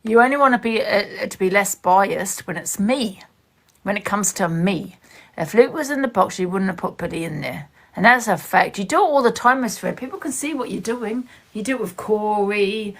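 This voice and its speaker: A woman's voice: mid-range voice, expressive, moderate pace. A woman giving blunt, emphatic commentary on a live stream, talking straight to her viewers. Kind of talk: casual ranting commentary.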